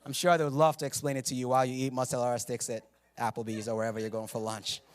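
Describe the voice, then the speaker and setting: A man's voice: mid-range voice, flat delivery, very fast. A man preaching a sermon as pastor, joking and conversational, laughing at himself between scripture readings. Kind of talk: humorous sermon. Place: church sanctuary.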